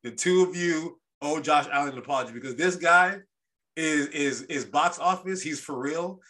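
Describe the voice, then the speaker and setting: A man hosting a casual sports podcast, telling stories in an animated, rambling way with lots of restarts. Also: on the high side, normal speed. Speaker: podcast host.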